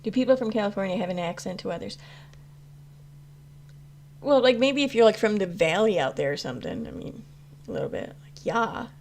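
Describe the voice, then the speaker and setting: A woman's voice: mid-range voice, lively intonation, a little fast, pauses often, a little mellow, a little hiss or hum. A woman hosting a casual livestream, reacting to chat messages and rambling through her views with many restarts, some swearing and frequent laughter. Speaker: commentary channel host reading live chat.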